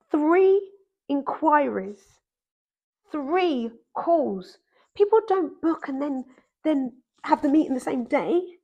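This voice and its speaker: A woman, a podcast guest telling a personal story in an animated, emphatic way. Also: fairly high pitch, unhurried, highs cut off. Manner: animated, emphatic, acts out quoted voices. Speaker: podcast guest, dancer and author.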